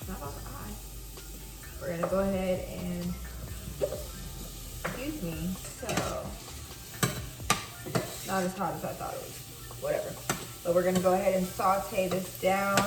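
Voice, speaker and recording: A woman's voice: on the low side, heavy background noise. A woman talking viewers through a recipe in her home kitchen, casual and chatty. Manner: chatty, informal, addresses viewers directly. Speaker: cooking vlogger. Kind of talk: casual cooking tutorial. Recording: music playing in background.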